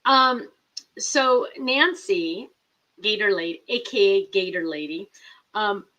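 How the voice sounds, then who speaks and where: A woman's voice: mid-range voice, slow, sharp tone, muffled recording. A middle-aged woman hosting a casual live chat, rambling and reading viewer comments aloud. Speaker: host.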